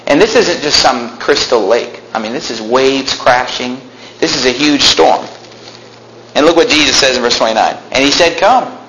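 A man preaching a sermon in a church, animated, acting out quotes and bursting into shouts. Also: medium pitch, moderate pace, echoey room, slight background noise, rough recording.

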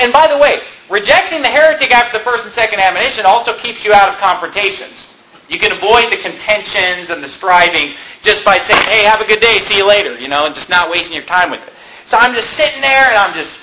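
A man's voice: high-pitched, pushed and bright. A male pastor telling a story from the pulpit in an emphatic, conversational way, chuckling now and then. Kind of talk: sermon storytelling. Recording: echoey room.

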